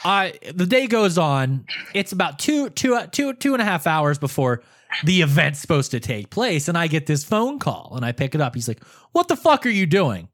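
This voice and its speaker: A man's voice: fairly high pitch, sing-song, normal speed, fairly bright tone. A young adult man telling a story in casual podcast chat, swearing often and laughing through it.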